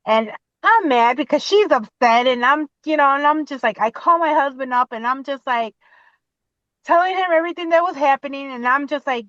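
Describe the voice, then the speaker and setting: A woman in her forties, a podcast guest talking from her car, telling her own story in an animated way and acting out what she said. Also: sits high, normal speed, no echo, lo-fi sound.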